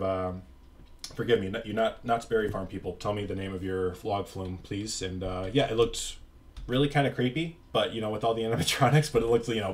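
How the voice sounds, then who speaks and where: Rambling young man with a low voice. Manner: rambling, self-deprecating, with filler words. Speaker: YouTuber. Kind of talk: casual gameplay commentary.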